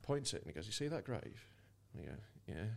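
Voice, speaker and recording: A man telling a comic story on a podcast, his pitch leaping and dipping as he goes. He swears freely and breaks into laughter mid-line, in a loose, casual chat. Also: fast talker, vocal fry. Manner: animated anecdote-telling, swears often, laughs mid-sentence. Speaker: podcast co-host.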